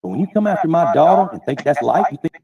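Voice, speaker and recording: A man's voice: a little high, sing-song, fast, recorded from a distance, dull audio. An angry man ranting profanely in defense of himself on a livestream. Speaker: online streamer defending himself.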